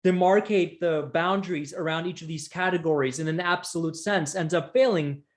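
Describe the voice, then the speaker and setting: A psychotherapist taking part in an academic discussion, explaining ideas in halting bursts with many restarts and tag questions. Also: male voice, on the high side. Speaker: psychotherapist guest.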